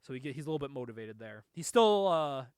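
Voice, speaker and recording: A man's voice: mid-range voice, sing-song, fast talker, darkish tone, smooth, dry recording, clean studio sound. A man hosting a casual comic review podcast, recapping animatedly, laughing often and acting out quotes.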